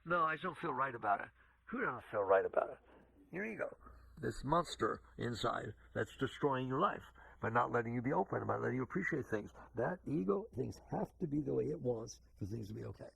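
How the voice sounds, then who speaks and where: A man's voice: medium pitch, sing-song, brisk, creaky, breathy edge. An older man giving a conversational spiritual talk, questioning his listeners and acting out inner voices. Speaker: spiritual teacher.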